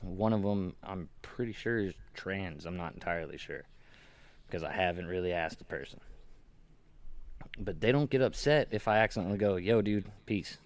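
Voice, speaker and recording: A man with a low voice argues his point in a casual podcast chat. He is earnest and somewhat defensive, and he keeps circling back to his own principles. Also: expressive, moderate pace. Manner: earnest, defensive, talks about honor. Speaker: podcast co-host.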